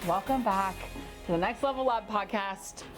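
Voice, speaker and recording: A woman's voice: medium pitch, moderate pace, faint music behind. A woman hosting a motivational solo podcast, talking emphatically and repeating phrases for punch. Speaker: podcast host.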